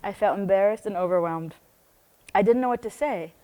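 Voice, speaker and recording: A woman from the United States reads from her own book to a small group, then drifts into casual asides. Her delivery is animated and she laughs often. She talks at an ordinary middle pitch. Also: fairly quick. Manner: animated, laughs often, breaks off into chatty tangents. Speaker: book club host reading her own book aloud. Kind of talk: reading aloud with casual asides.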